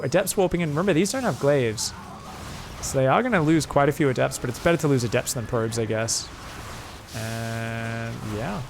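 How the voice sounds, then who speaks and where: A young man casting a live strategy game, excitable and crude, rambling between plays and shouting at the action. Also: mid-range voice, a little hiss or hum. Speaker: game caster.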